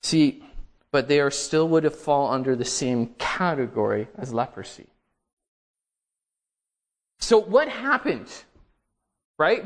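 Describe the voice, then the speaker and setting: A man preaching a sermon, reading scripture aloud with slow, emphatic stresses and dramatic rises. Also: fairly high pitch.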